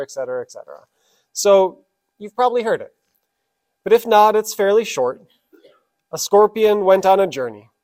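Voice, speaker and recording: A man's voice: high voice, a little mellow. A man preaching a sermon as pastor, telling fables and leading prayer reverently. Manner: storytelling, then reverent prayer.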